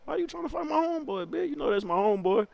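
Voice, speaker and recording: A man voicing a menacing young male bully from his story, shouting his lines high and fast. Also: big pitch swings, gravelly, dry recording, lo-fi sound, heavily acted.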